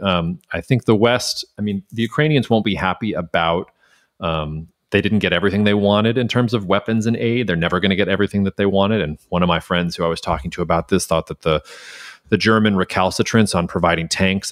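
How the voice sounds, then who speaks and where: A man's voice: low voice, no room sound, clean studio sound. A man co-hosting a casual podcast, hedging and thinking aloud with frequent restarts. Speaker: podcast co-host.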